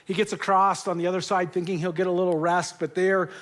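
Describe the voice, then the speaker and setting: This middle-aged man's high, fairly bright voice moves fast with little pitch movement. He's a pastor delivering a sermon in a church auditorium, mixing storytelling and humor, and he turns emotional at moments.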